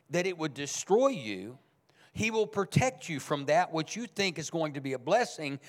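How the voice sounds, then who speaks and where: A man's voice: fairly high pitch, in a large hall. A man preaching a sermon as pastor, speaking in a conversational but emphatic way. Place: church sanctuary.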